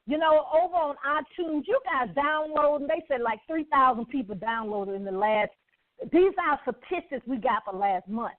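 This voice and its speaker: A woman's voice: high voice, animated, normal speed. A woman with a Southern US accent hosting an inspirational radio show, exuberant and preacherly, tossing call-and-response questions to her listeners. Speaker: radio host. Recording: tinny phone-like line.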